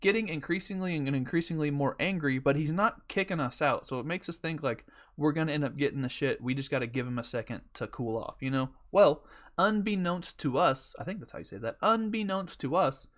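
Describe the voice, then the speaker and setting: A man's voice: on the high side, a bit bright. Profane storytelling podcast guy. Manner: profane, rambling, joking. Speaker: podcast host. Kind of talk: casual storytelling.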